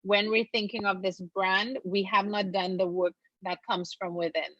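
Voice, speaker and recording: A woman's voice: medium pitch, steady tone, moderate pace, a bit bright, no room sound, highs cut off. A woman attorney guest speaking earnestly and encouragingly, repeating phrases for emphasis. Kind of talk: casual interview chat.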